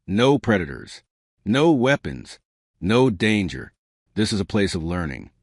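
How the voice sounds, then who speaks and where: A man voicing a tall, thin alien male professor who speaks in a measured, formal way. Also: lowish voice, big pitch swings, no echo, studio quality, full character voice. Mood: stern.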